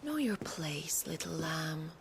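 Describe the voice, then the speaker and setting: A woman's voice: low-pitched, sing-song, slow, gravelly, background noise, heavily acted. A woman voicing a scheming, mocking winged villainess in a game cutscene, speaking in a taunting, haughty way. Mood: menacing.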